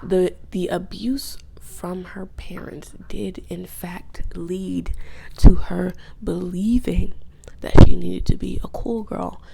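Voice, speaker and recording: A woman's voice: fairly low pitch, fairly even intonation, slow, creaky, noisy background. A woman vlogger giving a casual, rambling, profane recap, often dropping into whispered asides. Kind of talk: casual video essay recap.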